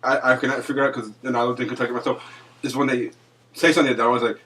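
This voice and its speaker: A man's voice: mid-range voice, steady tone, racing, a bit bright. A man co-hosting a casual chat show, agreeing a lot and repeating himself. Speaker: co-host. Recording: voice a bit distant from the mic.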